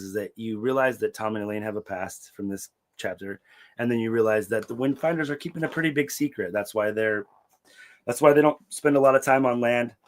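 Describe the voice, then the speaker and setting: A young man co-hosting a book podcast in casual chat, laid-back and swearing freely, acting out quotes with sudden loud yelps. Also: on the low side. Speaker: podcast co-host recapping a book series.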